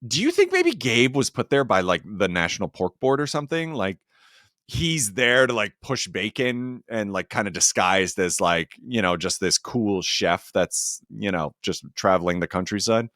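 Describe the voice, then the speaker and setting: Casual male podcast host with a lowish, bouncy voice and filler-heavy rambling; dry recording. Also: moderate pace, no echo. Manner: rambling, heavy use of "like", animated rises. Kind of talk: casual movie review chat.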